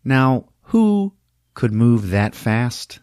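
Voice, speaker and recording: A man's voice: medium pitch, very animated, extremely slow, darkish tone, clean tone, no room sound, studio quality. A man hosting a podcast, recapping an action movie for laughs and acting out the characters in silly voices.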